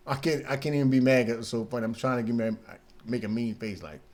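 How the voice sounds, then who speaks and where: A man's voice: fairly low pitch, fairly quick, hardly any pauses. A man hosting a radio show in loose, rambling casual chat, laughing often. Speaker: radio host.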